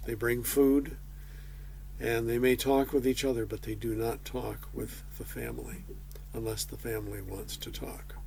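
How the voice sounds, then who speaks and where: A man's voice: medium pitch, level tone, moderate pace, gravelly, a little mellow, a little hiss or hum. A man preaching a conversational sermon, folksy with casual asides.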